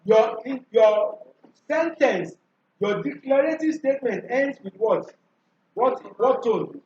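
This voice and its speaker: A high-voiced man leads a classroom revision lesson, quizzing his students and repeating questions back at them. He is heard from a distance in an echoey room. The recording sounds dull and lo-fi. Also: expressive, slow pace, darkish tone, slight background noise. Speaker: teacher. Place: school classroom.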